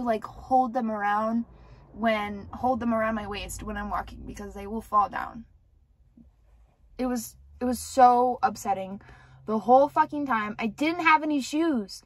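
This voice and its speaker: A woman's voice: fairly high pitch, no echo. Candid young woman telling a storytime. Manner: candid, rambling, heavy cursing and filler "like". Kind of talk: casual storytime monologue.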